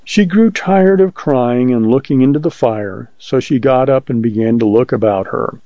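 Gravelly man narrating a story. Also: medium pitch, dark tone, no room sound. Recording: muffled lo-fi recording.

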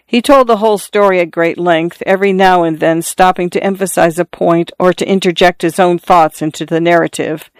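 A narrator reading a literary short story in a measured, even storytelling manner. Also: medium pitch, no echo. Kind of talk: scripted audiobook narration.

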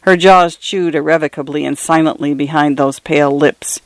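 A man narrating a first-person story in a measured, even way. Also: on the high side, dry recording.

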